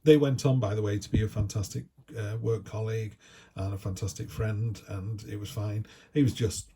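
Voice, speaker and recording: A middle-aged man gives a chatty, down-to-earth tarot reading in a low, gravelly voice with a warm, mellow tone. A faint hiss sits behind him. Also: steady tone, normal speed. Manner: chatty, down-to-earth, acts out little quoted asides. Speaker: tarot reader.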